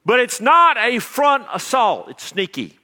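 A man preaching a sermon as pastor, swinging between loud emphasis and quiet asides. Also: very high-pitched, sing-song, unhurried, in a large hall.

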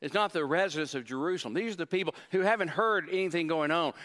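Pastor, male, high-pitched; earnest sermon delivery with restarts; echoing sanctuary. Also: fast talker, bright, forceful tone. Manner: earnest preaching with stammered repeats. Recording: long hall reverb.

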